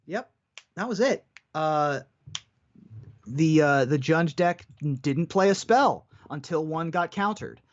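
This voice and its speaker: A man calls a card game tournament with a slightly high-pitched voice, breaking down each play in detail. His audio comes through dull and lo-fi, like a streamed mic. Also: expressive, slow. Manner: analytical play-by-play. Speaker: tournament commentator. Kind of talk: live game commentary.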